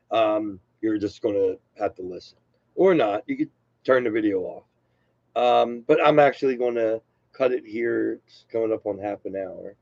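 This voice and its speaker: A man's voice: mid-range voice, a little mellow, dry recording, dull audio. A man live streaming a rambling, self-deprecating casual comedy monologue from home.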